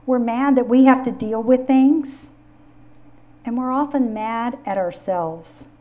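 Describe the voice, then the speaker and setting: A woman's voice: on the high side, slow pace, dark tone. A middle-aged woman hosting a faith-based podcast on grief, telling personal stories in an earnest way. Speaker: podcast host.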